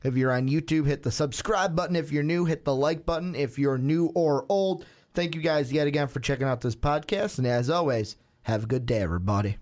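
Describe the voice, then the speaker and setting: A man's voice: fairly high pitch, a little fast, few pauses, a little mellow. A man hosting a casual sports podcast, rambling through anecdotes with quoted asides. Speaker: podcast host.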